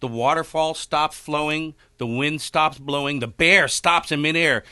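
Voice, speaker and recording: A man's voice: a little high, measured pace, sharp tone, slight background noise. A man as a radio guest, telling a joke in a playful storytelling way. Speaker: firearms instructor guest.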